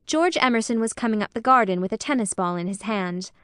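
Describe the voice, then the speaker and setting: A woman narrating a classic novel as an audiobook in a measured, expressive way. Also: on the high side, clear, resonant tone, dry recording, studio quality.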